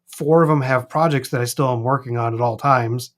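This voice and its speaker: A man with a Minnesota accent chatting casually as co-host of a live stream, rambling and animated. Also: medium pitch, fairly quick. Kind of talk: casual chat. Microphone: streaming mic.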